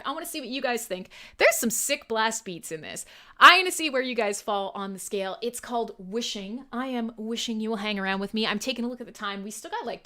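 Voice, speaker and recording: A woman's voice: fairly high pitch, pushed and bright. A young adult woman hosting a live metal radio show, chatting irreverently with listeners, swearing and laughing often.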